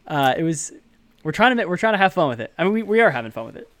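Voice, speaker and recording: Higher-voiced man, dry close sound. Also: sing-song, racing, a bit bright, no room sound. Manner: chatty, hesitant with many fillers. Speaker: podcast co-host. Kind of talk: casual podcast chat.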